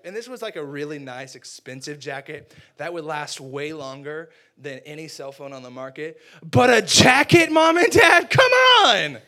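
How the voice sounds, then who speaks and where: A man in his twenties preaching a sermon, telling a funny personal story with animated, exaggerated outbursts. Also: on the high side. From United States. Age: 20s.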